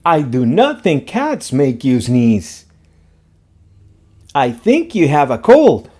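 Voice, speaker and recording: A man voicing a calm, sensible cat doctor in a picture book read-aloud, matter-of-fact and reassuring. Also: medium pitch, takes it slowly, husky, pitched below the performer's own voice, full character voice.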